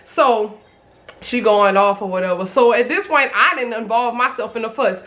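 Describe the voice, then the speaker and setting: A young woman in her twenties with a somewhat high voice tells a storytime vlog. She speaks in a lively, profane way, as if talking straight to her viewers. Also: normal speed. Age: 20s. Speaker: vlogger.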